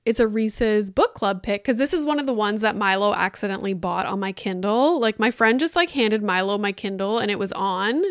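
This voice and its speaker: A woman's voice: mid-range voice, brisk, hardly any pauses, no room sound, clean studio sound. A woman hosting a casual solo podcast, chatting and swearing freely, filling her talk with "like" and acting out her own reactions. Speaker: podcast host.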